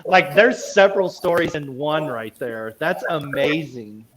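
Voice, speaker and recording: A man's voice: on the high side, unhurried, poor audio. A man hosting a podcast, chatting casually and easygoing with his guest. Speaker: podcast host. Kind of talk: casual interview chat. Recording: crowd chatter behind.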